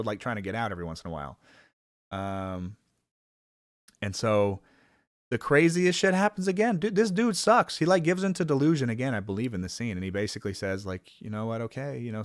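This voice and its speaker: A man's voice: mid-range voice, no echo, clean studio sound. A man giving a rambling, casual film review, full of fillers and swearing, sometimes acting out characters in a raised voice.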